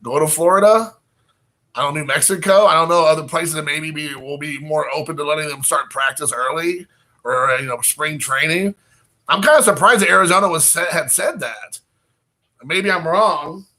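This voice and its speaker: Here the channel host speaks at a normal pace, his voice bright and slightly high. Addressing viewers from his home, he drifts from thought to thought and makes himself the butt of his own jokes.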